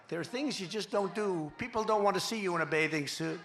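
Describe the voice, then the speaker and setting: A man giving a campaign rally speech in a boastful, rambling, repetitive way, sometimes shouting to the crowd. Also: sits high, quick pace, few pauses. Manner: boastful, repetitive, rambling, quoting others in asides; shouting to a cheering crowd at times. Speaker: political candidate at a rally. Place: large rally venue. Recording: echoey venue with faint background noise.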